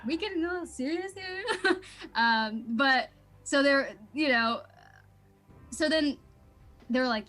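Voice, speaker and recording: Guest: young woman, bubbly storyteller, laughs a lot, slightly high voice. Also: measured pace, pauses often, bright, forceful tone, faint music behind. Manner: bubbly, laughing, lots of fillers. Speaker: voice actor guest. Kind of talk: casual interview chat.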